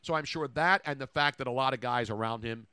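A man hosting sports talk radio, riffing in sarcastic, rapid jokes into a studio mic. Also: mid-range voice, pushed and bright, clear, resonant tone, dry recording. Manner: sarcastic, rapid joking riffs.

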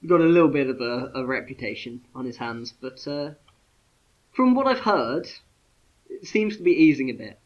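A man's voice: medium pitch, lively intonation, moderate pace, dull audio. A man co-hosting a casual chat podcast, rambling with lots of fillers and restarts. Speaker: podcast co-host.

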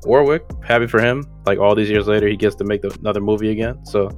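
A man's voice: fairly low pitch, fairly even intonation, fast, soft background music. A man co-hosting a podcast, chatting casually in slang, rambling and correcting himself as he goes. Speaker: podcast co-host. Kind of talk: casual chat.

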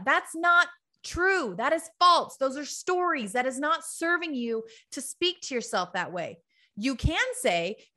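A woman's voice: high-pitched, big pitch swings, measured pace, sharp tone. A woman giving a direct, emphatic tough-love motivational talk to her followers, full of repetition. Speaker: motivational speaker.

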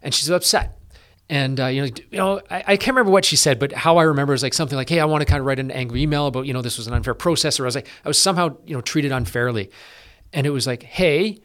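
A middle-aged man from Canada, a police officer guest, talking in a casual interview with lots of fillers and restarts. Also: mid-range voice. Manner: energetic, quick, with many fillers and restarts.

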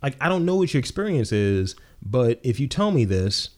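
A man's voice: medium pitch, sing-song, normal speed. A young adult man co-hosting a podcast, telling stories in blunt, profane casual chat. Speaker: podcast co-host.

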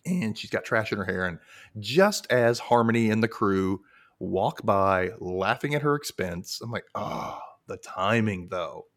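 A man hosts a chatty recap podcast, retelling scenes with animated, playful put-on voices. His voice sits fairly low but swings widely in pitch. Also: a little slow. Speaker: podcast host. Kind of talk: casual recap chat.

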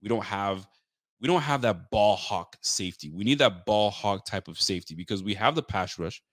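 Man, young adult, podcast host, casual sports chat, slangy, animated storytelling, low voice, dry close sound. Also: moderate pace, no echo. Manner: animated, lively storytelling with mimicked quotes; loose street slang and swearing.

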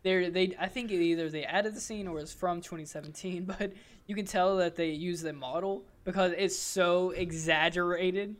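Casting: man with a high voice, joking podcast co-host who chuckles often. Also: fairly even intonation. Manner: joking, chuckling, fast asides. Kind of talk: casual podcast chat.

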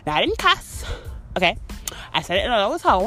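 A woman hosting a podcast, telling a story in a heated, profane rant that swings between outbursts and calmer stretches. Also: medium pitch, quick pace, long pauses, faint music behind. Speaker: podcast host. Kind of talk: ranting monologue.

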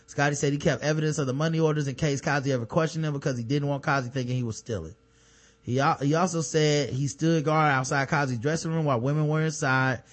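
A man's voice: a little high, fairly even intonation, quick pace. A man co-hosting a podcast, reading news items aloud and breaking off with sarcastic, profane remarks in casual chat. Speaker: podcast co-host.

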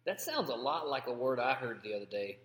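Dry, deadpan man with hall echo. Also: medium pitch, fairly quick, slight background noise. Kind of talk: comedic banter. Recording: long hall reverb.

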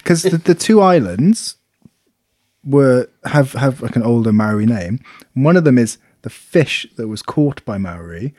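A man's voice: medium pitch, animated, unhurried, darkish tone, dry recording, clean studio sound. A British man co-hosting a casual podcast chat, explaining things in a rambling way with lots of fillers. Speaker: podcast co-host.

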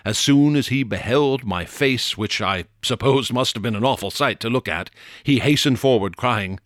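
A man narrating a classic horror tale in a measured, dramatic way, dropping low and slowing down for suspense. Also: a bit bright, no echo, studio quality. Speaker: audiobook narrator. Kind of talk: dramatic horror story reading.

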